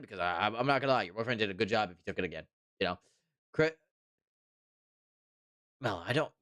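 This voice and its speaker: A man's voice: mid-range voice, fairly bright tone, smooth, no echo, clean studio sound. A man streaming live, chatting casually and reading viewer comments, rambling and repeating himself with mock indignation. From Canada.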